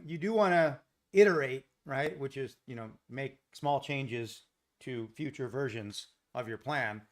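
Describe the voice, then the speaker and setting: An American man hosting a live trading stream, talking casually and rambling with lots of fillers while he chats with viewers. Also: mid-range voice. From United States. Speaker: livestream trading host.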